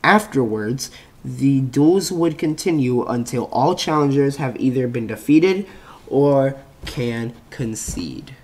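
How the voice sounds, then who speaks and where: A man hosting his channel, reading a reference page aloud in a halting way, stumbling and restarting words, with offhand asides between passages. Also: mid-range voice, a little mellow, slightly rough. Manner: halting reading with frequent restarts and self-corrections. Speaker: channel host.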